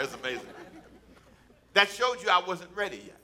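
Sharp-voiced preaching man. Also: high-pitched, very animated, normal speed, a little hiss or hum. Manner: conversational preaching with asides to the congregation. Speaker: pastor. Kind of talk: sermon.

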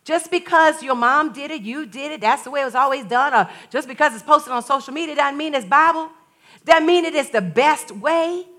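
An older woman and grandmother preaching a sermon, telling stories in a lively way and laughing often. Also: high-pitched, moderate pace. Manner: storytelling, animated, laughs often.

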